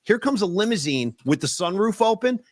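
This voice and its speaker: Podcast host guy, fairly high voice, super animated, dry close mic, tells stories and does the yelling bits. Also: a little fast, dry recording. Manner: animated storytelling, acts out yelling. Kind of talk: casual chat.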